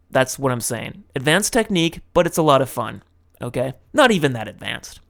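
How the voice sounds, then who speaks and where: A man's voice: medium pitch, big pitch swings, a little fast, creaky. A young man hosting a comedy podcast, talking casually in a loose, rambling way with many fillers. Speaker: podcast host.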